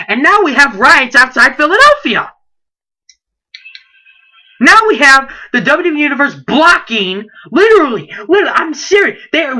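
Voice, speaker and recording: Indignant teen ranting, high bright voice. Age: late teens. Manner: indignant, rhetorical questions, repeats himself. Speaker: wrestling vlogger. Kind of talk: heated rant to camera.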